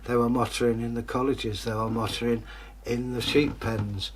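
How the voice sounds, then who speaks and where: A man telling a fairytale aloud as a storyteller and host, lively and chatty, with joking asides. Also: medium pitch, moderate pace, a little hiss or hum.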